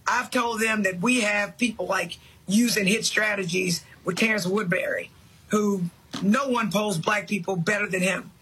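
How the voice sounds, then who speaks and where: High, bright, husky-voiced man. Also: steady tone, normal speed, rough recording. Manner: blunt and insistent. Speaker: political guest. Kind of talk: interview clip.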